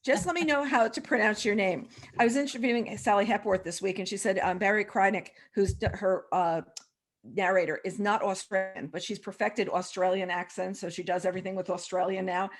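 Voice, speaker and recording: Woman hosting a panel, chatty, keeps correcting herself mid-sentence, mid-pitched voice. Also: steady tone. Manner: chatty, quick self-corrections. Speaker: panel moderator. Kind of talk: hosted panel discussion.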